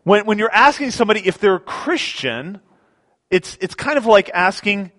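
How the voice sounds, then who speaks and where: Male pastor, slightly high voice, conversational sermon delivery with frequent restarts. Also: animated, normal speed, a bit bright. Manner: conversational preaching with frequent repeated words and restarts. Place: church sanctuary.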